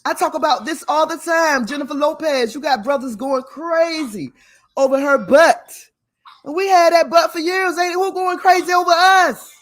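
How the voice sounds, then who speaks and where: A woman with a high-sitting voice hosts a livestream at a moderate pace. She talks to her viewers casually but emphatically, laughs often, and comes across as preachy.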